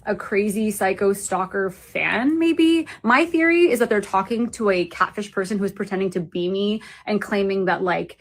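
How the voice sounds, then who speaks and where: A woman's voice: mid-range voice, moderate pace, few pauses. A woman talking casually in a clip, full of "like" and rising endings. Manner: chatty, lots of "like", rising upspeak endings. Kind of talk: casual vlog talk played as a clip.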